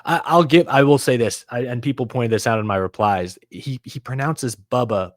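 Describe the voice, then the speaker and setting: Recorded at studio quality with no echo, this podcast host has a mid-range voice and a moderate pace. He's a Southern American man leading a casual racing chat, animated as he goes through the standings and stats.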